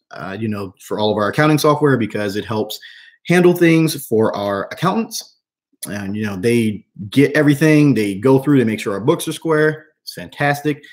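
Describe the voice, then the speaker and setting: Young man, casual Q&A host, slangy, says bro a lot, fairly low voice. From New Jersey. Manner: slangy, laid-back, calls people bro and man. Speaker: host answering viewer questions. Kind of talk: casual live Q&A chat.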